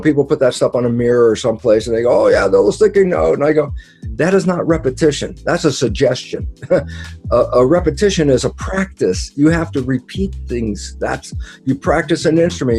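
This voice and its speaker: Guy explaining stuff in an interview, warm mellow voice, acts out little quotes, swears a bit, faint music underneath. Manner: animated, acts out quoted dialogue with sudden pitch jumps; casual, mild swearing. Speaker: interview guest explaining ideas.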